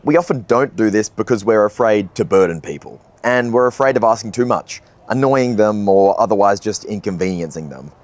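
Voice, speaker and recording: A man's voice: on the low side, fairly quick, few pauses. A young man talking earnestly and casually to the camera, reflecting in a vlog monologue. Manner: earnest, conversational, casual swearing. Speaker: video essayist.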